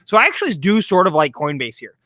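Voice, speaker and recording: Energetic male stock show host, bright edge, stammers and restarts. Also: high-pitched, no room sound. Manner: fast, excitable, stammering restarts. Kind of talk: live stock market show.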